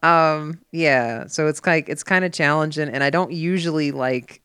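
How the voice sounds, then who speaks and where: A woman's voice: low voice, moderate pace, a bit bright, smooth, no room sound, studio quality. A woman chatting casually and candidly, swearing freely and rambling with fillers. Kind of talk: casual chat.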